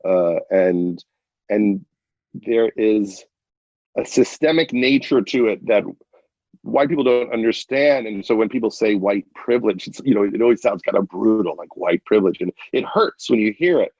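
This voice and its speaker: A man with a husky, slightly raspy voice, speaking as a guest in a casual chat. He works through his points in an earnest, thoughtful way. The audio is dull and lo-fi, and the sound is dry. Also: on the low side, normal speed, a little mellow, dry recording. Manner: earnest, reflective. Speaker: podcast guest. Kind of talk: casual conversation.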